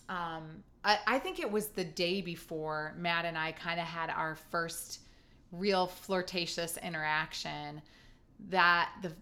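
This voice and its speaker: A woman co-hosts a podcast, telling her story in an earnest, chatty way. She drops playful asides as she goes. Her voice sits a little low for a woman. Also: a bit bright. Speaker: podcast co-host. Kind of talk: casual chat.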